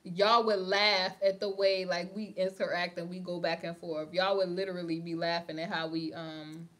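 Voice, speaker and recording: A young woman with a New York accent, from New York, hosts a casual livestream and reads out viewer comments. Her lowish, slightly bright voice moves at normal speed with little pitch movement, and she laughs often and talks in slang.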